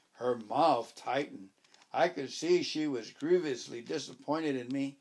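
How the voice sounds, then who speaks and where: Narrating a first-person tale for an audiobook, this man sounds wry and controlled, acting out his own dialogue in a medium-pitched voice with a darkish tone.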